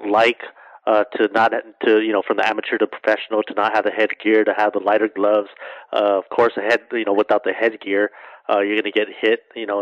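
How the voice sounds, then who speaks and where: A man's voice: lowish voice, no echo. A man hosting a radio interview, asking long, winding questions full of fillers. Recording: dull, muffled radio audio.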